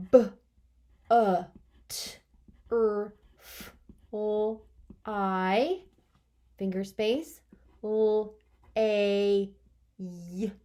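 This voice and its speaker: Young woman teacher for small children; slow, cheerful sing-song delivery, sounds out words letter by letter, mid pitch. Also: a little mellow. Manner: cheerful, praising, speaks to children as friends. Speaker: kindergarten teacher. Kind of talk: remote lesson for young children.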